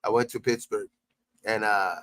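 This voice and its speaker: A man's voice: fairly low pitch, fairly even intonation, normal speed, a bit bright, no echo. A man on a sports podcast, telling loose, profane fan stories in casual chat, full of restarts. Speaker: podcast host.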